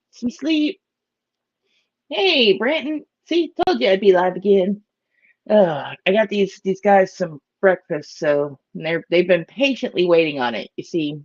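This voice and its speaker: A bubbly woman chats through a casual morning live stream and greets viewers by name. Her pitch swings up and down with a lot of life. The audio is dry and a bit dull. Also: dry recording. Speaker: aquarium live-stream host.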